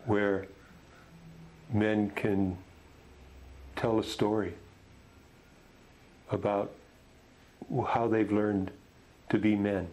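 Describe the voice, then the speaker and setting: A middle-aged man leading a men's group tells a story gently, with halting restarts. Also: fairly low pitch, poor audio. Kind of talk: storytelling talk.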